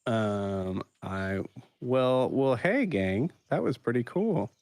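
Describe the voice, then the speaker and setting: A man running a tabletop role-playing game as game master, narrating with many pauses and restarts. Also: mid-range voice, expressive, darkish tone, no room sound. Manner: halting, many ums and restarts.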